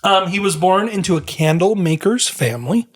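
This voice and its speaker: A man's voice: sits high, animated, moderate pace. A man hosting a casual history podcast, explaining at length with frequent fillers and restarts. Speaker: podcast host.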